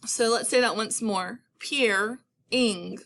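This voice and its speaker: A woman teacher giving a patient phonics lesson, stretching words out slowly for her students. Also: mid-range voice, a bit bright.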